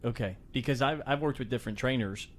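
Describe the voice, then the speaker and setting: A man hosting a podcast interview, telling animated stories and acting out quotes. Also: mid-range voice, fast, slight background noise. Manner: animated storyteller, acts out quotes loudly. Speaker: podcast host. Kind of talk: casual interview chat.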